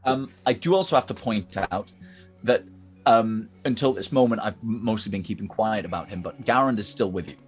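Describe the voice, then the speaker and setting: A man's voice: lowish voice, brisk, soft background music. A man narrating as dungeon master, rambling and hesitant with many fillers. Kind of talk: narrating a tabletop game.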